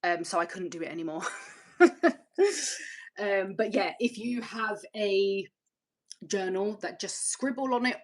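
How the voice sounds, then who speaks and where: A woman hosting a casual livestream, reading viewer comments and chatting candidly, rambling and swearing freely. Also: mid-range voice. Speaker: channel host.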